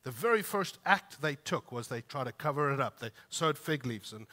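A man preaching a sermon with emphasis. He lifts his voice when he reads scripture and drops low for quiet asides. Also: expressive, moderate pace. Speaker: pastor. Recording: long reverb of a large hall.

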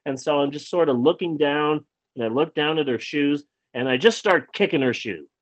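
Male podcast host, fairly high voice, dry close sound; rambling, animated anecdote teller who performs the dialogue. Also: moderate pace, no room sound, dull audio. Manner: animated, acts out quoted lines; rambling with frequent restarts. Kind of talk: casual anecdote telling.

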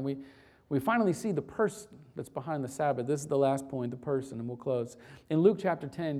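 A preacher giving an earnest, conversational sermon that moves between hushed, intimate passages and loud, animated storytelling. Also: medium pitch. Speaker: pastor.

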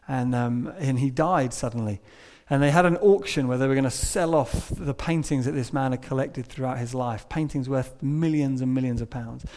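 A man preaching a sermon, telling a story and moving between hushed and emphatic delivery. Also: medium pitch, moderate pace, few pauses.

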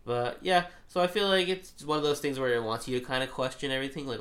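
A young man chatting casually about a movie, animated, quick to laugh and swear. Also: medium pitch. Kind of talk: casual chat.

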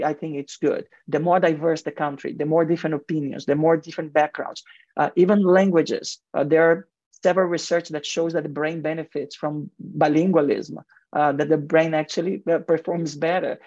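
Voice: mid-range voice, steady tone, a little fast, darkish tone, no room sound. A guest in marketing and advertising speaks earnestly in a radio interview with a heavy accent and frequent restarts. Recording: dull lo-fi radio sound, dry.

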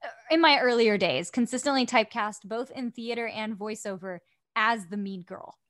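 Sassy chatty voice actress. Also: female voice, fairly high pitch, normal speed, fairly bright tone. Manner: chatty, sassy, laughs often. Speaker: voice actress guest. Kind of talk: casual podcast chat.

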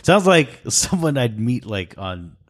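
A man's voice: medium pitch, big pitch swings, measured pace. Laid-back young man telling stories. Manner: swearing, laughing storyteller. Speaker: podcast co-host. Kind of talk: casual chat.

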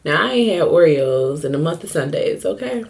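A woman's voice: low voice, lively intonation, moderate pace, vocal fry, a little mellow. A young woman hosting her own podcast, chatting candidly and profanely in a joking, storytelling way. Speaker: podcast host. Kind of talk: casual solo podcast chat.

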